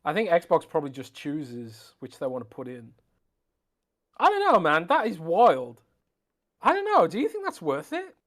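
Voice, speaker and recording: A man on a casual podcast, reading a sponsor spot with a joking, offhand touch. His pitch sits slightly high and swoops up and down with lively range. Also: moderate pace. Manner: jokey, swinging pitch, laughs through the read. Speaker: podcast co-host. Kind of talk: casual chat and live ad read. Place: traveling, on a laptop.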